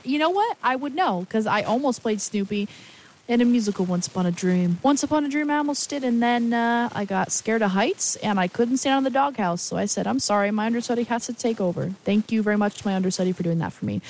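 A woman's voice: a little high, poor audio. A young woman radio DJ chatting casually between songs, rambling and poking fun at herself as she wanders off on tangents. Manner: rambling, chatty, self-mocking, goes off on tangents.

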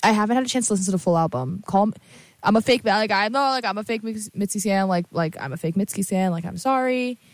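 A woman's voice: mid-range voice, fast talker, no echo. A young woman hosting a show and introducing songs in a casual, rambling way, full of fillers and self-corrections, sounding sleepy and yawning. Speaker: host playing and introducing songs. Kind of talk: casual chat.

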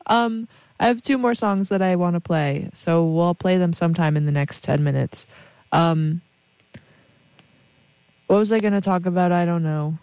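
A young woman talks casually between songs, wandering from thought to thought with plenty of fillers. Her voice sits a little low. It is recorded dry and close, with no room sound. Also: moderate pace, long pauses, a little mellow, smooth, dry recording. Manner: rambling, chatty, many fillers and asides. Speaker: radio host.

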